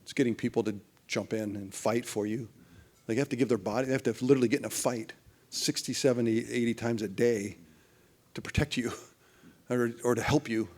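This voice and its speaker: A middle-aged man being interviewed, spinning long business anecdotes. He rambles through restarts and fillers and jumps into lively voices for the people in his stories. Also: mid-range voice, fairly quick. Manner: animated anecdotes, acts out other people's lines. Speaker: interview guest.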